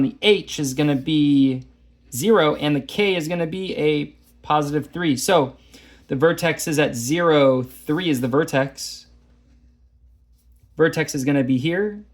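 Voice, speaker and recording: A man teaching a math lesson, walking through graphing problems in a chatty, self-deprecating way. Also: on the high side. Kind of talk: casual lesson walkthrough.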